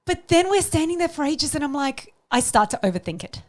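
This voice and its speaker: A woman's voice: high-pitched, animated, a little fast, a little mellow. A woman co-hosting a podcast in casual chat, rambling in a self-deprecating way and filling her talk with "like.". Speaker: podcast co-host.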